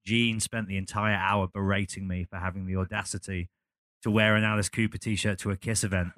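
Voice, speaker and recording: A man's voice: lowish voice, little pitch movement, a little fast, a bit bright, no room sound, studio quality. A man hosting a live audience Q&A, jokey and playfully formal with the crowd. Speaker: host and interviewer at a live Q&A. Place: live event before an audience.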